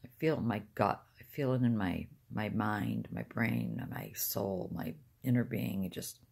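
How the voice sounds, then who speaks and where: An older woman speaks from inside a car in a dark, mellow voice with plenty of gravelly fry. She rambles softly and haltingly to her viewers, losing her thread, trailing off and sighing between thoughts. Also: rumbling low, sing-song. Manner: soft-spoken, halting, trailing off with sighs. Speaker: vlogger. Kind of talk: rambling casual talk to camera.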